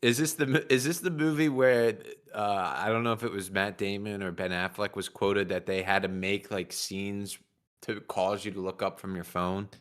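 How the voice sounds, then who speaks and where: A man chatting as a talk show guest, speaking hesitantly with halting starts. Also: lowish voice, steady tone. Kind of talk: casual chat.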